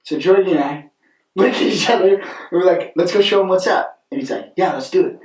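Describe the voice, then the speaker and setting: High-voiced young man telling a rambling story. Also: fairly quick. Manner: rambling, animated storyteller who keeps saying "right?". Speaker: podcast co-host. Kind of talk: casual storytelling chat. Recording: echoey room, mic at a distance.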